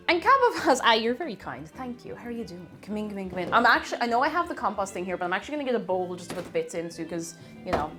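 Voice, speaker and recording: A woman chatting casually to viewers while cooking live at home, reading out messages and greeting people, sometimes drifting away from the mic. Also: mid-range voice. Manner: chatty, reads chat aloud and greets viewers excitedly. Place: home kitchen. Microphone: moves away from mic while cooking.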